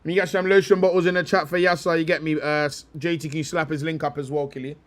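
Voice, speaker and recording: A man runs a casual live reaction stream, talking fast in loose slang. His sentences often drop off quieter toward the end. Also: a little high, level tone. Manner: fast slang-heavy chat, trailing off quieter. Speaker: livestream host.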